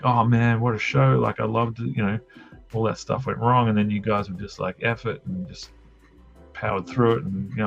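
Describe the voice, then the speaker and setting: An Australian man chats casually on a live drawing stream, spinning rambling, self-deprecating stories. His voice sits low with a gravelly edge. The audio is dull and lo-fi, with faint music underneath. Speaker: streamer host drawing comics.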